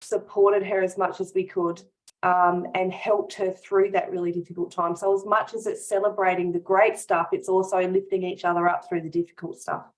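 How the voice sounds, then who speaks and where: A woman business coach chats warmly in an interview, speaking earnestly and from the heart. She often breaks into small laughs and restarts her sentences as she talks. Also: on the low side, level tone, normal speed, poor audio. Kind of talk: casual interview chat.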